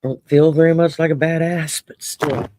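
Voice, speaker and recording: Background hiss or hum sits faintly under a low-pitched, slightly mellow female voice that stays level and moves at a normal speed. She's a Cajun-accented Louisianan running an easygoing late-night stream, doing card readings for viewers. Salty and playful, she curses freely and laughs frequently.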